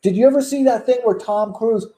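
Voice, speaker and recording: A man's voice: very high-pitched, fairly quick, mellow, slight background noise. A man in casual conversation who argues his opinions emphatically and piles on rhetorical questions. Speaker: guest. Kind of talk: casual chat.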